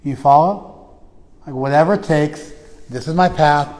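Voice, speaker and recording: A man giving a spiritual lecture to a class, animated, swinging between quiet and loud, often checking in with "you follow?". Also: fairly high pitch, measured pace, big-room sound. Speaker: spiritual teacher. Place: class room in a temple.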